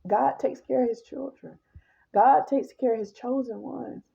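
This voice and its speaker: A woman's voice: fairly high pitch, steady tone, a little slow, gravelly, dark tone, breathy edge, highs cut off. A woman gives an emphatic personal testimony, talking straight to her listeners.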